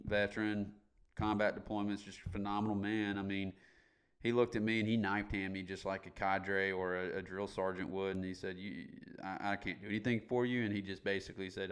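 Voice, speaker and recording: A man's voice: lowish voice, a bit bright, clear, resonant tone. A middle-aged man as a podcast guest, candidly telling his story in a blunt, emphatic way and swearing casually.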